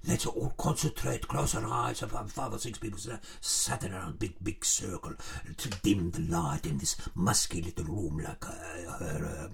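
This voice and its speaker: A middle-aged man and shopkeeper, rambling through a joke with halting digressions and chuckles. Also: low-pitched, gravelly, slightly rough.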